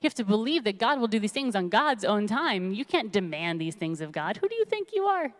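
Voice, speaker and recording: A woman's voice: medium pitch, animated, fairly quick, fairly bright tone, close to an everyday voice. A woman voicing a fierce, pious, wealthy widow who scolds and pleads, heard with a long echo. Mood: indignant. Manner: indignant, scolding. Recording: long reverb in a large hall.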